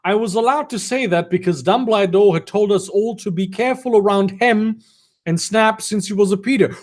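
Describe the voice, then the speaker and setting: A man's voice: high voice, normal speed, darkish tone. A man reading a fan story aloud for comedy, breaking off for mocking, sarcastic asides. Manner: sarcastic, mocking commentary between read lines. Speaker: reader of fan fiction.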